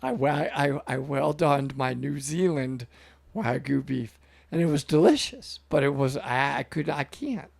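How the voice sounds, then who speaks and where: A man's voice: a little high, animated, measured pace, vocal fry. A man co-hosting a casual chat, sheepish and stumbling over his words. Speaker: co-host.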